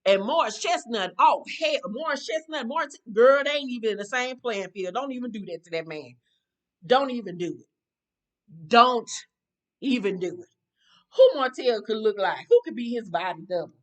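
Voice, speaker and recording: A woman's voice: on the high side, lively intonation, normal speed. Blunt, profane woman recapping TV. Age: adult. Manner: blunt, profane, exasperated commentary. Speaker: reality TV recap vlogger. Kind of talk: casual reality-TV recap.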